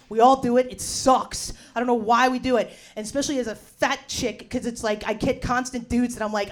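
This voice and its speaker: A woman in her forties from New York doing a brash, profane stand-up set in a bar, swinging from muttering to shouting. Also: a little high. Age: 40s. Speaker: stand-up comedian. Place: bar with a live audience. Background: audience laughter.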